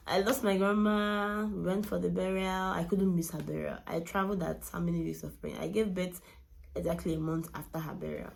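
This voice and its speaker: Low gravelly-voiced woman vlogger. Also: moderate pace. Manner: animated, laughs often, drops to a hushed tone on sad parts. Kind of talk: casual storytelling to camera.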